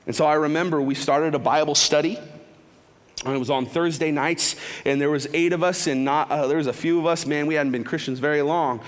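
A man giving a casual, animated testimony at a church, full of slang asides and quick restarts. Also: a little high. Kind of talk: sermon testimony storytelling. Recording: long reverb of a large hall.

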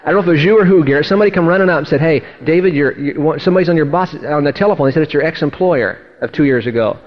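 A male pastor telling testimony stories in a sermon, acting out the voices of the people in them and swinging from loud to hushed. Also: on the high side, rapid-fire. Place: church service. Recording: dull lo-fi sermon tape.

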